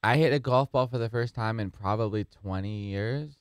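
A man with a lowish, smooth voice chats as a comedian guest on a podcast. He jokes and mocks himself in an easy, offhand way. The sound is close and dry. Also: moderate pace, no echo. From San Diego area, USA. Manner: joking, self-mocking. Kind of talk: casual podcast chat.

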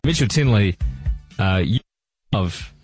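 A man co-hosting breakfast radio, animated and laughing often. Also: fairly low pitch, slow, over music. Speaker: radio co-host.

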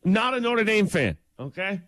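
A man co-hosting a radio morning show, bantering in a teasing, lively way. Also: sits high, moderate pace, dry recording. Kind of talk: casual chat.

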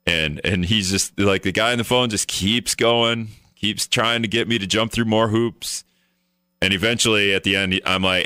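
A man's voice: low voice, normal speed, clear, resonant tone, dry recording, clean studio sound. A man hosting a talk radio show, ranting in a casual way and acting out his phone calls in a raised voice. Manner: animated storyteller, mimics phone calls in a raised voice.

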